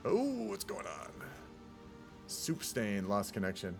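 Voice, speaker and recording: A man's voice: lowish voice, wildly swooping pitch, slow pace, creaky, soft background music. A man streaming and casting a multiplayer strategy game in casual live commentary, rambling and laid-back, swearing and often tacking "man" onto his sentences.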